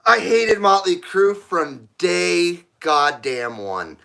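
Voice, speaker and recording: Profane, lively-voiced male stream host. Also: sits high, drawn-out words, pauses often. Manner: blunt, profane, laughs often. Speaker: live stream host reading chat. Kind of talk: casual live stream chat.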